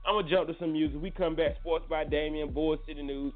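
Slangy joking male radio host, tinny. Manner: loose, slangy and joking, with quick excited jumps in pitch. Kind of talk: casual morning show banter. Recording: tinny phone-like sound with faint music.

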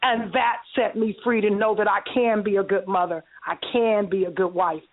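A woman hosts a talk radio show, speaking earnestly and backing up her co-hosts. Her voice has a mid-range pitch and comes through thin, like a phone line. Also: steady tone. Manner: earnest, quick to affirm others. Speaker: radio host.

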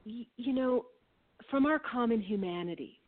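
A woman's voice: a little high, normal speed. Earnest woman on a tinny phone line. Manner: earnest, animated, laughs often. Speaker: co-host. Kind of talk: reflective conversation.

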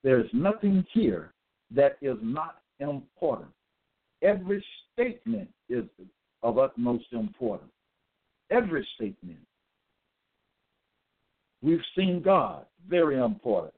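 A man giving a religious monologue with scripture readings, emphatic and repetitive, stressing words slowly. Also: a little high, big pitch swings. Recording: tinny phone-like audio.

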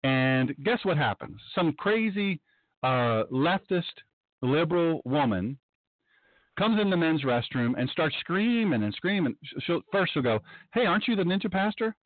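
A man hosting a radio show and preaching in an excitable, animated monologue, sometimes mocking others in a high voice. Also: measured pace, no room sound. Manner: excitable, breaks into mocking high-pitched impressions. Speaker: radio show host and pastor. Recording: tinny phone-line sound.

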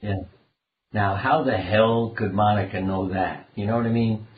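Over a phone-like line in a roomy space, with slight background noise, an older doctor and author talks in a lowish, fairly even voice at normal speed. He is a guest in a conversational interview, earnestly rambling through personal stories.

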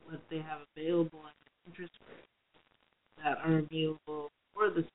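A low-pitched woman with flat, brisk delivery co-hosts a podcast, giving money advice in a casual, rambling way. She thinks aloud with many "you know"s, on a phone-like lo-fi recording.

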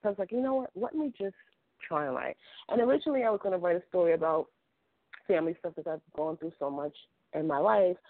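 A woman author chatting as a guest, an animated storyteller who acts out the dialogue in her stories. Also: lowish voice, fast, no room sound. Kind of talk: casual chat. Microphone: phone. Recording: phone line.

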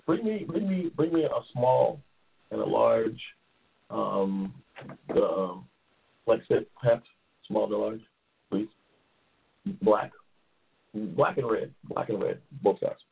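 A man hosting a casual talk show who reads out race matchups, loud, profane and excitable, sometimes yelling. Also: on the low side, slow pace, creaky, long pauses, husky. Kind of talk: casual livestream chat, reading race matchups. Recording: tinny phone-like sound.

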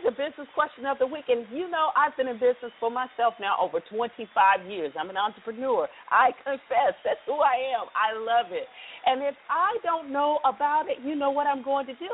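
A middle-aged woman hosting a live talk radio show, upbeat and chatty as she promotes the show and explains business math. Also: fairly high pitch. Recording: phone-like narrow band radio audio.

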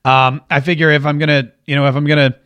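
A man's voice: fairly high pitch, level tone, quick pace, fairly bright tone, smooth. A man hosting his own show, chatting casually and rambling to viewers, often restarting his sentences. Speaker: show host. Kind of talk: casual live-stream chat.

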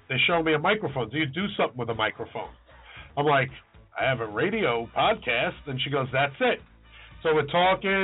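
Podcast co-host, man, animated anecdote teller, slightly high voice, tinny phone-quality sound. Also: husky. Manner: animated storyteller, acts out quoted voices. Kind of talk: casual chat. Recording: tinny phone-like audio with faint music.

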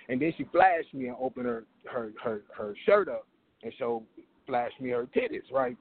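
The caller, an open mic comedian, has a medium-pitched voice with vocal fry and a breathy edge, moving at a moderate pace. Through narrow, tinny audio, he tells a profane comic story, animatedly voicing its characters.

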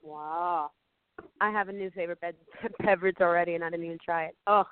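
A woman's voice: on the low side, steady tone, a little fast, clean tone. A woman, a singer guest on a radio show, chatting effusively and giggling often. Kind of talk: casual chat. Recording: tinny phone-like audio.

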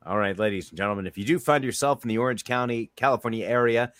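A man hosting a casual podcast, rambling and chatty, rattling off lists at a quick clip. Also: medium pitch, background noise. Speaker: podcast host and trivia host.

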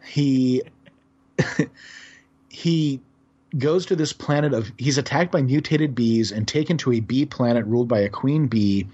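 A male podcast guest who tells stories about odd old comics in a lively way and chuckles as he goes. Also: medium pitch, measured pace, long pauses, muffled recording. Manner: animated storyteller, chuckles while describing odd comics. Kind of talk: casual podcast conversation.

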